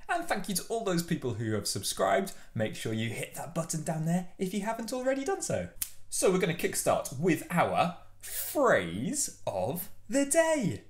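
A man's voice: a little high, wildly swooping pitch, moderate pace, a little hiss or hum. A man teaching a playful beginner French lesson for kids, drilling words aloud with theatrical swings in his delivery. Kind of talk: energetic beginner language lesson.

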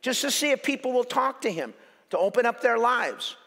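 A male pastor preaching a sermon in an animated, joking way, repeating phrases for emphasis. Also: very high-pitched, normal speed, creaky. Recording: echoey hall reverb.

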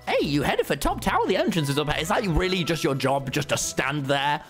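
Lively man streaming a game. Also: on the high side, brisk, soft background music. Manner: excitable, swearing, joking at chat. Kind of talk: live gameplay commentary.

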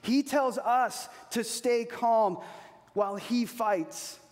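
High-voiced man preaching in a reverberant hall. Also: a little mellow. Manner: earnest, slows down to repeat key phrases. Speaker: pastor. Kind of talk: sermon. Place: church hall. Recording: long reverb of a large hall.

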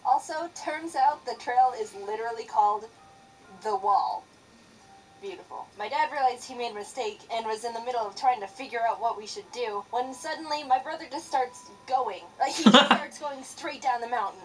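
Higher-voiced sarcastic young woman storyteller. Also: normal speed, recorded from a distance, a little hiss or hum, rough recording. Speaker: animator narrating a story. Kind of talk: animated storytelling narration.

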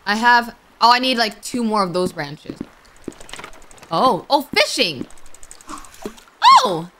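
A woman's voice: a little high, sing-song, slow, bright, forceful tone, a little hiss or hum. A woman giving let's-play commentary, jumpy and flustered. She keeps crying out in alarm and pleads with the game under pressure. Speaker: gaming YouTuber. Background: game music.

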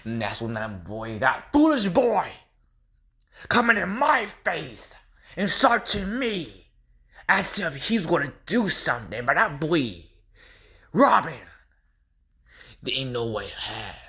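A man playing a gleeful, unhinged clown villain with a cackling laugh. His pitch leaps wildly between hushed lows and shrill highs as he drawls his taunts slowly. The voice is bright and sharp. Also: big pitch swings, full character voice. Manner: taunting, sing-song, swings between whispers and squeals. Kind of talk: fan impression skit.

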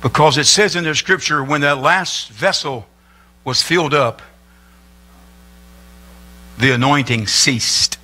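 A man preaching a humorous sermon as pastor, animated and joking, building up to excited shouting. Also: on the high side, slow, long pauses. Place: church sanctuary.

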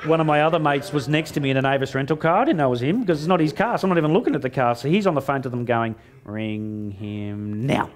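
A middle-aged man giving a humorous keynote on stage before a live audience, joking and mocking himself with quick asides. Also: on the high side. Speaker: motivational speaker.

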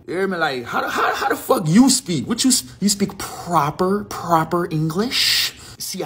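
A man's voice: fairly high pitch, husky. A man ranting casually to the camera, mocking and exasperated, full of slang.

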